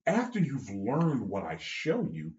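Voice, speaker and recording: A man co-hosting a casual podcast chat as a jiu-jitsu coach, blunt and profane, getting loud when he is worked up. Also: mid-range voice, wildly swooping pitch, unhurried. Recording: dull lo-fi sound in an echoey room.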